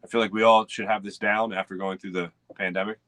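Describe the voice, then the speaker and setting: Philly sports host, male, bright slightly high voice, loose and rambling, dry close home-studio mic. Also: little pitch movement, quick pace, no echo. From United States. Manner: rambling, chatty, reads out chat names. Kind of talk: casual live morning sports show.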